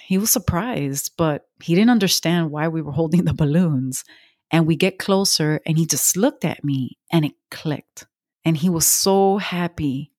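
A woman's voice: low-pitched, darkish tone, dry recording, studio quality. A woman in her thirties telling an emotional personal story of faith, dropping into whispers at the most painful moments. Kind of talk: personal testimony.

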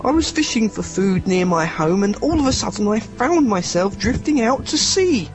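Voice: medium pitch, sing-song, moderate pace, muffled recording, over music. A performer voicing a sad, lovesick talking male polar bear in a comic amateur pantomime. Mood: plaintive.

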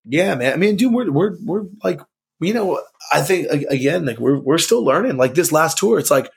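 A man's voice: fairly high pitch, animated, normal speed, gravelly, breathy edge. A young man from California, a band singer guesting on a podcast, talking in a laid-back slangy way full of "dude" and "like". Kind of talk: casual podcast conversation.

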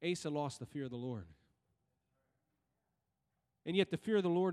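A man's voice: on the high side, lively intonation, normal speed, long pauses, darkish tone, smooth. A male pastor preaching a sermon in a church, often asking the congregation questions and waiting for their reply. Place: church sanctuary. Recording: long hall reverb in church.

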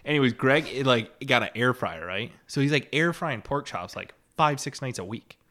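A man's voice: medium pitch, animated, moderate pace, sharp tone. A young man who is a podcast guest, telling rambling stories in casual conversation and saying "like" a lot. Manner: rambling storyteller, heavy use of "like". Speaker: podcast guest, loan consultant and farmer.

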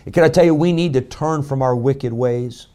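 A man, preaching a sermon as pastor, rising loud on key lines and dropping to a low hush for emphasis. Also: normal speed. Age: 40s.

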